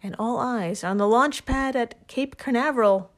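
A woman's voice: fairly high pitch, normal speed. A woman co-hosting a podcast, telling a story in casual chat, laughing often and swearing freely. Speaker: podcast co-host.

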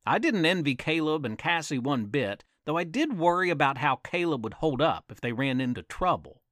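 A man's voice: on the high side, big pitch swings, normal speed, a bit bright, no echo, clean studio sound. A man telling a campfire story as a podcast storyteller, dramatic and teasing, with asides to his listeners.

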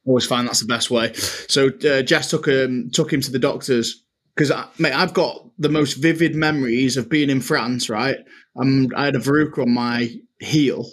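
A man co-hosts a casual podcast chat, telling stories with plenty of laughter and calling his co-host "mate" a lot. His voice is medium-pitched and he talks at a normal speed.

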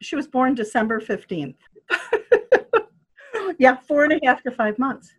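Husky older woman telling a story. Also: high voice, unhurried. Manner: animated, acting out quoted speech. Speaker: guest. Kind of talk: storytelling in a casual interview.

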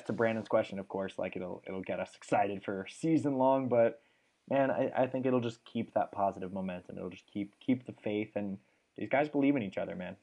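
A man's voice: fairly low pitch, a little mellow, highs cut off. A young man hosting a sports podcast, chatting casually and reeling off stats with lots of fillers. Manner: enthusiastic, rattles off stats with fillers. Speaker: podcast host.

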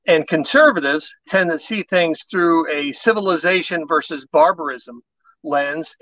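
A podcast guest with a high, bright male voice explains his methods for calm conversations. He slips into quoted back-and-forth lines as he goes. The sound is dry and a little muffled. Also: no room sound. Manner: animated storyteller, acts out quoted exchanges. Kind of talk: conversational advice on persuasion.

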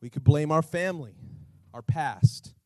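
A man pastor preaching a sermon, animated, asking the congregation rhetorical questions and acting out little scenes. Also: on the high side, unhurried, no room sound, low-quality recording.

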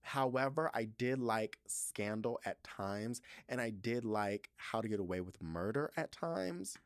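A young man hosts his own podcast alone, reading listener reviews in a casual, sassy, expressive chat packed with playful swearing and asides. His voice is fairly low and unhurried, captured in a dry, studio-quality recording.

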